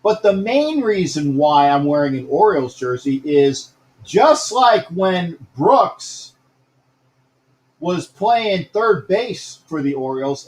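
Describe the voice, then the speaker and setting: A man's voice: fairly high pitch, roomy sound, low-quality recording. A man hosting a casual live-streamed sports talk show, rambling, repeating himself and greeting viewers by name.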